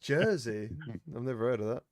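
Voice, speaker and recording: A man's voice: mid-range voice, very animated, brisk, darkish tone, no room sound, studio quality. A British man hosting a podcast, chatting casually with a laughing, teasing manner over a video call. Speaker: podcast host. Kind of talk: casual chat.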